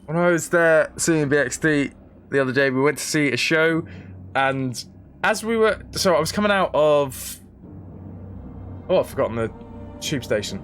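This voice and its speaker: Animated man chatting while gaming. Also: fairly high pitch, normal speed, long pauses, soft background music. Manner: animated, chatty storytelling to viewers. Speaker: streamer. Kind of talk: casual chat while playing a game.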